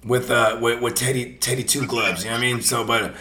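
A man hosting a casual sports podcast, animated and slangy, swearing freely and talking himself into little comic bits. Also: medium pitch, a little fast, reverberant, crowd noise. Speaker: podcast host.

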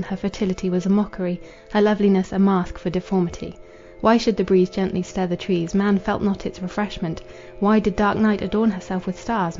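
A woman narrates a literary novel in a measured, formal way, her voice mellow and dark in tone. Her pitch stays flat and level from line to line. The recording sounds dull and lo-fi, with faint music underneath. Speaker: audiobook narrator.

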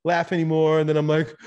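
A man talking as a podcast guest, telling a personal story in a candid, animated way, swearing now and then. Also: a little high. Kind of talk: casual conversational storytelling.

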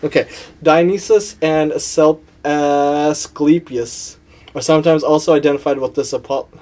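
A young man chatting casually on a podcast, teasing his co-host and laughing as he goes. His voice sits a little high yet sounds mellow and warm. He trips over words when reading aloud. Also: steady tone, moderate pace. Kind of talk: casual chat.

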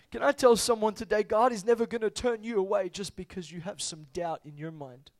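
A man with a notably high voice delivers a sermon. He preaches with passion, dropping to quiet, reflective lines and then rising to loud, urgent pleas. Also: steady tone, brisk, few pauses. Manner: impassioned, swinging from quiet to loud.

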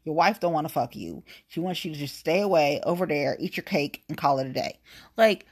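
Profane, animated woman ranting. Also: low-pitched, a little fast, slightly rough. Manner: blunt, profane, animated, with asides. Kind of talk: casual political rant.

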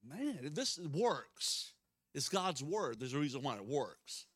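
A male pastor preaching a sermon, emphatic and out of breath, moving between loud declarations and soft asides. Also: on the high side, sing-song, slow, dry recording, clean studio sound.

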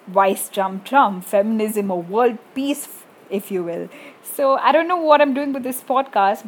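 A young woman hosting her own podcast in a squeaky voice, rambling and self-deprecating with lots of fillers. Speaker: podcast host. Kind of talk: casual solo podcast monologue.

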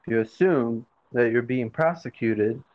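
A man chatting casually with a friend, laid-back and heavy on fillers. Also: mid-range voice. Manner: laid-back, drawn-out speech with many fillers. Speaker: friend on a call. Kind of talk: casual chat. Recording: dull lo-fi sound with faint noise.

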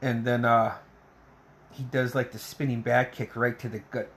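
Man recapping a film with profane excitement. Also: mid-range voice, moderate pace. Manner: profane, excitable play-by-play retelling; laughs often. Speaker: podcast host reviewing a film. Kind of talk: casual storytelling recap.

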